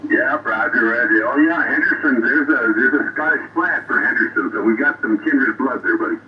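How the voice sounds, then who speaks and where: Relaxed ham operator, mid-pitched voice, muffled radio with loud static. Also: male voice, moderate pace, far from the mic. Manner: laid-back, keeps saying roger. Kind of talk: casual chat. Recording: muffled radio audio with heavy noise.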